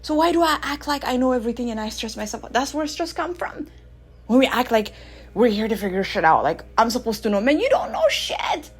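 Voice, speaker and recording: A woman in her thirties hosting a radio show, talking through a casual spiritual monologue with animated swings between loud bursts and soft asides. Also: on the high side, quick pace, breathy edge. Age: 30s.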